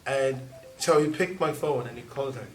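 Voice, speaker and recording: A man's voice: medium pitch, normal speed, faint music behind. A man telling his own story to a church audience in a chatty way, with frequent laughs and lots of "you know.". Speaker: church member giving a testimony. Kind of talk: casual storytelling before an audience. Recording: echoey hall, distant mic, audience noise.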